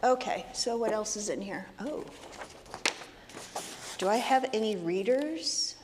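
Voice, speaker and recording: A woman's voice: mid-range voice, animated, slow. A woman leading a playful children's message in a congregation, teasing and sing-song as she talks with the kids. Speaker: minister leading a children's story time. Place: sanctuary of a congregation. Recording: long hall reverb, faint ambient noise.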